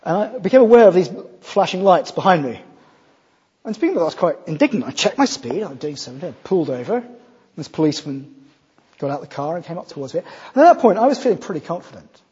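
A man's voice: sits high, sing-song, fast, mellow, breathy edge. A man from Scotland preaching a sermon, earnest and rising to emphatic scripture readings. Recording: muffled, long hall reverb.

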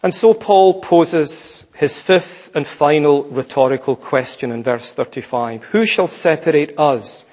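A man delivering an expository sermon in a measured, emphatic way, his phrases falling quiet at their close. His voice sits somewhat high and he speaks very slowly. The sound is dull and lo-fi, with a long reverb trailing through a large hall. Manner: slow, emphatic preaching, dropping soft at phrase ends. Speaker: preacher.

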